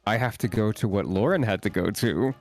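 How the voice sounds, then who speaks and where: A man's voice: on the low side, brisk, faint music behind. A man chatting casually on a stream, laid-back and teasing. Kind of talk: casual chat.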